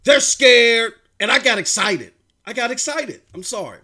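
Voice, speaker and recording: A man hosting a live stream, talking excitedly about gaming with frequent shouted bursts. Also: high-pitched, normal speed, husky. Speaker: livestream host.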